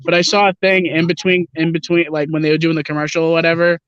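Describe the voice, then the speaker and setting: Casting: chatty opinionated guy, slightly high voice, dry muffled call audio. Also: flat delivery, fast, fairly bright tone, clean tone, dry recording. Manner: rambling, opinionated, swears casually. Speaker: livestream co-host. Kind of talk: casual wrestling chat. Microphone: video call.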